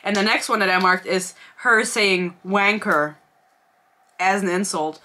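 A woman's voice: medium pitch, measured pace, bright, forceful tone. A woman in her twenties giving a casual, sarcastic book review vlog, laughing and reading excerpts aloud.

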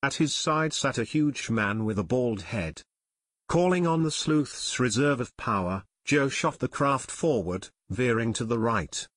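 Clean studio sound with no room sound carries a medium-pitched male voice reading an adventure audiobook. His scripted storytelling is steady and measured.

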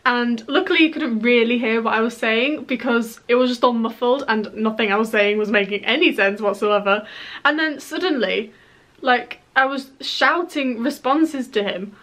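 A young woman from England chatting excitedly in a storytime vlog, full of fillers and restarts. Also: a little high, normal speed, low-quality recording. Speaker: YouTuber.

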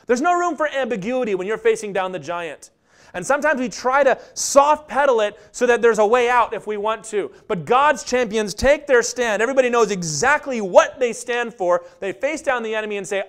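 A male pastor preaching a sermon in an animated way, acting out the characters in the story. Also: high voice, fairly quick, clean tone. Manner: animated, acts out the scripture characters.

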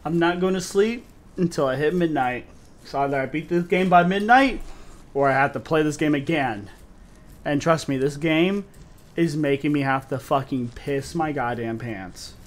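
Playing a horror game on stream, this young man speaks at a moderate pace with a voice on the high side. He talks casually with viewers and curses frequently throughout his gameplay commentary.

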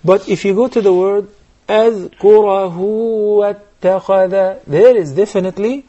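A man teaching recitation rules on a TV lesson, explaining step by step and chanting verses slowly. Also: sits high, expressive, warm tone, slightly rough, dull audio. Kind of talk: televised recitation lesson with live callers.

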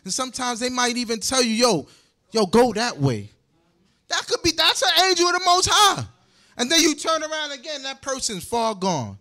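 A man preaching a sermon, animated and joking, breaking into laughs and repeating words as he goes. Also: extremely high pitch, fairly quick. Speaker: congregation leader. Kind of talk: sermon with scripture commentary.

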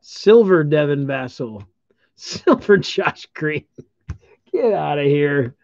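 A man's voice: fairly high pitch, expressive, slow, vocal fry, a little mellow, dry recording. A man hosting a live-streamed trading card break, calling out each card he pulls and congratulating the viewers who own them. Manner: upbeat, congratulating viewers while calling out cards. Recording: dull lo-fi stream audio.

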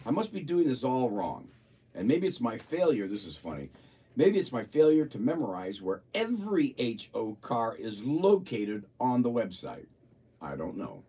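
A man hosting a relaxed livestream, his voice swinging up and down with lots of expression. He sounds a little husky and sits some distance from the mic. He chats, reads aloud with amusement, and now and then mimics voices. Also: medium pitch, normal speed. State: a bit of a frog in his throat. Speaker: livestream host. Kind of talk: casual chat and reading a viewer's report aloud.

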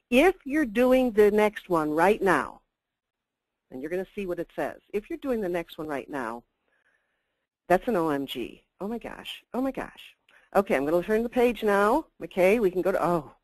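A woman's voice: on the low side, sing-song, moderate pace, pauses often, darkish tone, no room sound, rough recording. An older woman giving a chatty, emphatic customer service webinar talk with asides. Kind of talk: webinar presentation.

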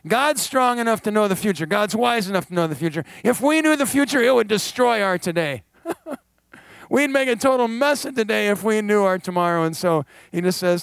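A middle-aged man preaching a sermon in church, animated with wry asides and quick laughs. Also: sits high, no echo. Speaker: guest pastor. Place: church sanctuary.

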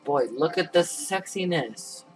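Slow, goofy man joking over gameplay. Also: fairly high pitch, lively intonation, faint music behind. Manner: goofy, rambling, self-mocking. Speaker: gaming YouTuber. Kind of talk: casual gameplay commentary.

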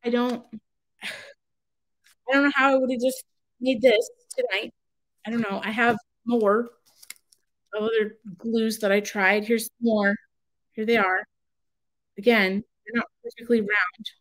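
A woman's voice: fairly high pitch, fairly even intonation, slow pace, long pauses, fairly bright tone, rough recording. A woman crafter on her own channel, talking casually in a rambling, exasperated, self-interrupting way from home. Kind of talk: casual vlog rant.

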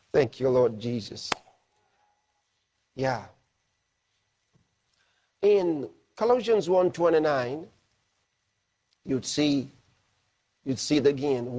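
A man delivers an emphatic sermon as a pastor, his voice fairly high and husky. He slows down when he reads scripture aloud and leans hard on the key words. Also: sing-song, dark tone.

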